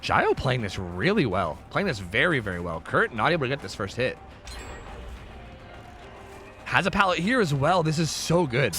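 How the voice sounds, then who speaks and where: A man streaming live, chatting casually with viewers and commentating a match in an excitable, profane manner. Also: fairly high pitch, normal speed, soft background music.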